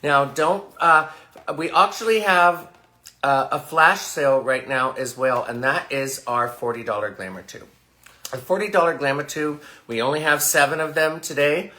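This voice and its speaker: A man performing in drag, hosting a campy livestream sales pitch with sassy, crude deadpan jokes. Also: moderate pace. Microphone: phone livestream.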